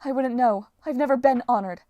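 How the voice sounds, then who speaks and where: A woman's voice: on the high side, brisk, warm tone, no echo, lo-fi sound, voice pushed up, lightly acted. A woman voicing a vain, bored female storm goddess who speaks in a languid, haughty way, reading an audiobook.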